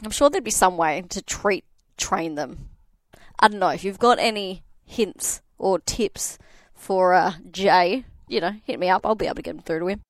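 A woman's voice: fairly low pitch, no echo. A woman radio host telling a light news story in a chatty, casual way. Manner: chatty, quick storytelling with laughs.

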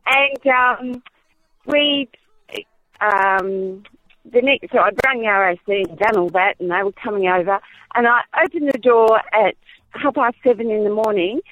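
A woman's voice: medium pitch, measured pace, no room sound. A woman telling a wry story as a caller on a radio show. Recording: tinny phone line.

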